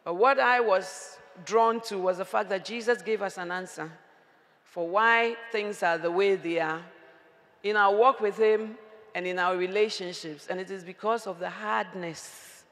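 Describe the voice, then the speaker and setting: A woman preacher, giving an animated, humorous sermon and often raising her voice to a shout. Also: mid-range voice, unhurried. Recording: long reverb of a large hall.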